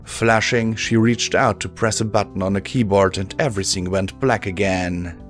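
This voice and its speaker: A man reading a fan-fiction audiobook in a measured, steady first-person narration. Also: on the low side, soft background music. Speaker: audiobook reader.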